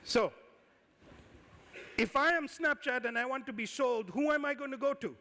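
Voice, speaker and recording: A man giving a conference talk as an investor, lively and firing questions at the audience. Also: very high voice, moderate pace, slight background noise. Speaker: conference speaker, angel investor. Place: conference hall. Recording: reverberant hall.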